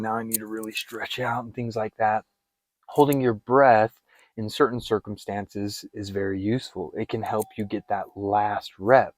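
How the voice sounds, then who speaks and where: A man's voice: on the low side, dry recording. Earnest man coaching a breathing exercise. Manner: earnest, direct, addresses listener with repeated commands. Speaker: fitness and wellness coach. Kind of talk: guided breathing instruction.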